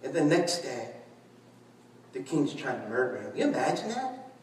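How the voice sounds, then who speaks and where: A man preaching a sermon, telling stories animatedly, shouting and laughing as he acts out conversations. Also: medium pitch, very animated, moderate pace, a little hiss or hum. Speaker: pastor. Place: large church hall. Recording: echoey church hall, distant mic.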